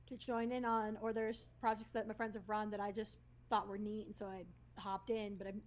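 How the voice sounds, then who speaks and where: A woman's voice: mid-range voice, flat delivery, brisk. A young woman chatting casually as a podcast guest, easygoing and giggly, hedging with likes and ums. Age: young adult.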